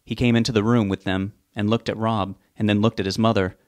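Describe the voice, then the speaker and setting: A man reads a novel aloud in a plain, steady storytelling manner. His voice sits low, and the recording is dry and close. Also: brisk, no echo. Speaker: narrator.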